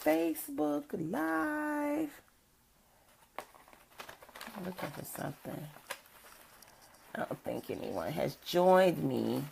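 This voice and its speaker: An older woman giving a casual livestream chat as a motivational speaker, with a rough morning voice. She is chatty, greets viewers by name and laughs often. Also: low-pitched, sing-song, unhurried, pauses often, darkish tone, a little hiss or hum.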